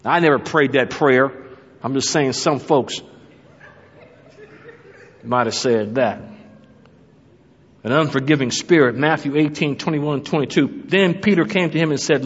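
A middle-aged pastor preaches to his church in the sanctuary, addressing the congregation and telling a humorous story from home. His mid-range voice is a little slow and breathy, with frequent pauses. The hall is echoey and the sound dull and lo-fi.

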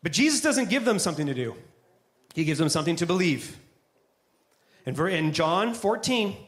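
A man's voice: fairly high pitch, sing-song, normal speed, long pauses. A man preaching a sermon to a congregation in a conversational style with joking asides. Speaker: pastor. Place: church before a live congregation.

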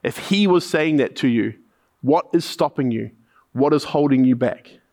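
A man's voice: mid-range voice, moderate pace, a little mellow. A man with a New Zealand accent preaching a sermon, telling a mission story with repeated punchlines and then asking the listeners probing questions.

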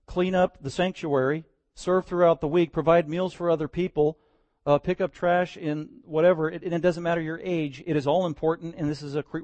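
A man preaching a sermon as pastor, swinging between loud, emphatic declarations and quiet, earnest asides. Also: fairly high pitch, no echo. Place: church.

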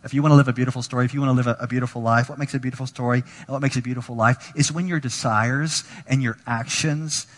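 A man preaching a sermon as pastor, animated, acting out quoted voices and dropping to near whispers. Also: mid-range voice, fast talker, hardly any pauses, big-room sound.

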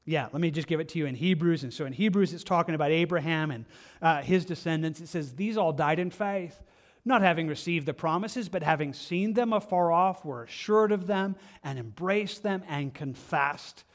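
A man preaching a sermon as pastor, impassioned, repeating phrases and swinging from loud emphasis to quiet asides. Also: a little high, normal speed. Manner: impassioned, rises and drops sharply for emphasis.

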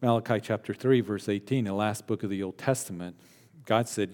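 A man preaching a sermon with an animated, emphatic conversational manner. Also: fairly low pitch, fairly quick. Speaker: pastor. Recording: long hall reverb.

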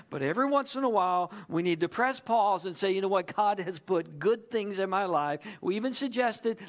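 A man's voice: high voice, a bit bright. A man preaching a sermon in a conversational way, often checking in with the audience. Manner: conversational, repeats "right?" to the audience. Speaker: pastor.

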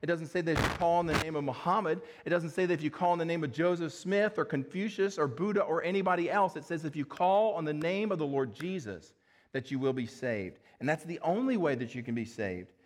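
A man preaching a sermon in a fairly high voice. He reads scripture verses, asks the listeners rhetorical questions and addresses them as friends. His delivery is earnest throughout. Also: a little fast. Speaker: pastor.

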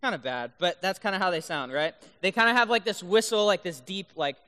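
Youth speaker, male, high and bright voice, playful, keeps asking "right?", long hall reverb. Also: brisk, smooth. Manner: playful, keeps checking in with the audience. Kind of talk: youth talk with duck call demos. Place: large room full of high schoolers.

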